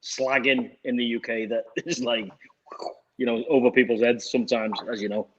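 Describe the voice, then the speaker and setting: Brief: chatty Liverpool man, mid-pitched, heard on dull lo-fi audio. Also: little pitch movement, normal speed, fairly bright tone, husky. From England. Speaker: livestream co-host. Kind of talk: casual chat.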